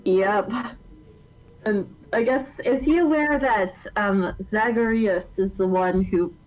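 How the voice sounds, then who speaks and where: A woman's voice: mid-range voice, slow pace, darkish tone, poor audio. A woman playing in a tabletop game, hesitant and giggly. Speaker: player. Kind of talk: casual tabletop game chat.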